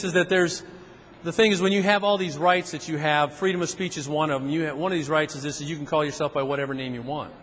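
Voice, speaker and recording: A man giving a seminar talk, telling stories in an animated way and acting out other people's voices. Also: a little high, a little hiss or hum. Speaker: seminar speaker. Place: seminar room. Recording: reverberant hall with faint ambience.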